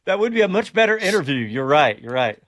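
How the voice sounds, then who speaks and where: Man, radio host, playful banter, lively pitch, slightly high, dry studio. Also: fast talker, dry recording. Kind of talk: casual studio chat.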